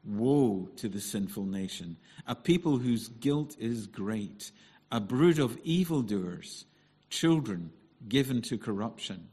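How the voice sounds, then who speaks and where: A man with a soothing Scottish accent reading a Bible passage aloud in church, measured and steady. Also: on the low side, husky, long reverb tail. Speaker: scripture reader.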